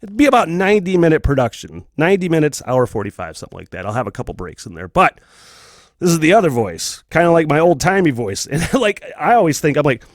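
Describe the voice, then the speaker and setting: Brief: male podcast host, rambling and profane, lively pitch, close and dry. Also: quick pace, no room sound. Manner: profane, rambling, laughs often. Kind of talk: candid casual monologue.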